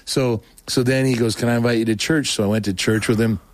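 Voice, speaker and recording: A man's voice: mid-range voice, fast, dry recording. A middle-aged man telling his conversion story casually, acting out what people said in a raised voice. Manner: animated, acts out quotes in a raised voice. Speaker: guest telling his testimony.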